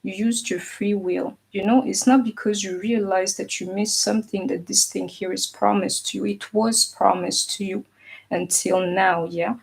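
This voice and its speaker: A woman tarot reader speaks in a casual, earnest monologue, her voice carrying a gravelly fry and a husky edge. She talks straight to someone who isn't there, emphatic and peppered with "you know.". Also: medium pitch, steady tone, normal speed, rough recording. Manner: speaks directly to an absent partner. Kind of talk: casual spoken tarot reading.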